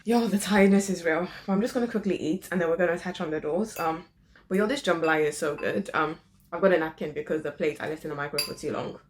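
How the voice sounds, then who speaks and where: A woman home vlogger talking in a relaxed, chatty way, full of fillers and asides. Her voice sits fairly low. She is recorded at home with a faint noise bed. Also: quick pace. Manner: chatty, informal, lots of "literally" and "like". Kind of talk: casual how-to vlog chat. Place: home living room.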